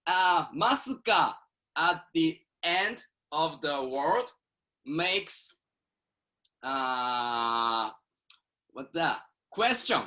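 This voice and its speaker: A man's voice: on the high side, very animated, drawn-out words, long pauses, bright, forceful tone. A Japanese man hosting a casual video call in English, his second language, hesitant and full of fillers. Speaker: channel host.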